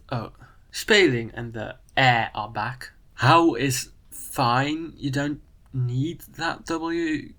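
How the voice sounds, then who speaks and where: A young man with a Dutch accent talks through spelling rules in a careful, analytical way, sometimes correcting himself as he goes. His mid-range voice has a gravelly, creaky edge. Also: mid-range voice, pushed and bright. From Netherlands. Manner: analytical, methodical, self-correcting. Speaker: video creator. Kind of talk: explanatory commentary.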